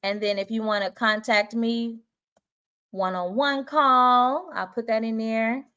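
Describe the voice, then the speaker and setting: A woman with a Southern twang coaches teachers on a live stream, chatty and encouraging as she answers her viewers. Her voice sits fairly high. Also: steady tone, unhurried, bright, forceful tone, smooth. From Southern United States.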